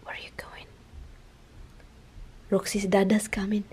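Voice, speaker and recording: A woman's voice: medium pitch, completely flat delivery, measured pace, dark tone, slightly rough. A woman from the Philippines filming a casual home vlog, laughing often and switching between Tagalog and English. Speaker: vlogger. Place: home, indoors.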